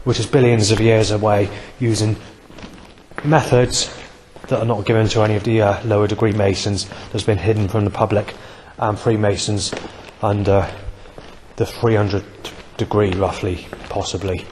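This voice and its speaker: A man's voice: fairly low pitch, little pitch movement, normal speed, a little mellow, in a large hall, a little hiss or hum. A man rambling through a long, heavily profane monologue, full of fillers, restarts and trailing asides.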